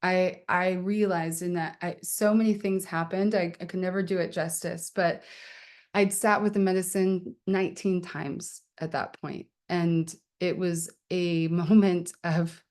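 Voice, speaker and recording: A woman's voice: lowish voice, fairly even intonation, measured pace, a little mellow. A woman poet hosting her book launch on a video call, talking casually and candidly with lots of fillers and laughter. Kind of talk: casual chat.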